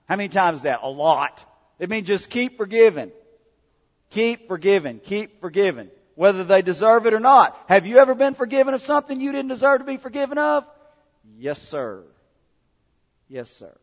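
A male pastor preaching a sermon. He moves from quiet conversational asides to loud, repeated exhortations. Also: high voice. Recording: dull sound with long hall reverb.

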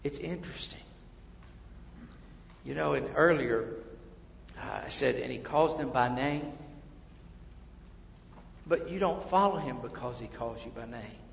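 A man preaching a sermon as pastor, swinging between hushed, drawn-out asides and emphatic, rising swells. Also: medium pitch, creaky, a little hiss or hum. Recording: echoey hall, slightly dull sound.

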